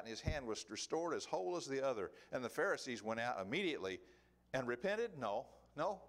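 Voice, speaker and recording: Male preacher, sermon delivery, animated and emphatic, pitch on the higher side. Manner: animated, emphatic, rhetorical questions.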